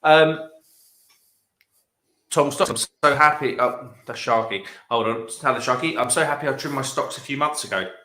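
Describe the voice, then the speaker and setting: A bright, forceful male voice chats away as host of a late-night stream, reading out viewer comments and laughing often. The room gives his voice a noticeable echo. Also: mid-range voice, moderate pace. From England. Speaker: livestream host. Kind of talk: casual chat reading out live chat.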